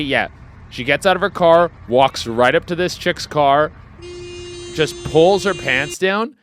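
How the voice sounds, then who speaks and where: Excitable, rambling male podcast host. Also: mid-range voice, no room sound. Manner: rambling and profane, swings loud with excited outbursts. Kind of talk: casual comedic podcast chat.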